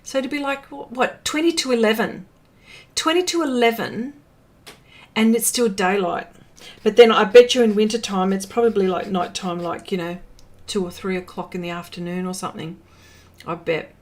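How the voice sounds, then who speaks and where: A woman's voice: mid-range voice, steady tone, moderate pace. An Australian woman hosting a live art stream, chatting casually and reading out viewer comments, with many fillers and small laughs.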